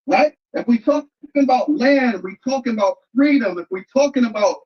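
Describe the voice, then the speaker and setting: Earnest debater, mid-pitched, muffled clip. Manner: deliberate, repeats words as they build a point.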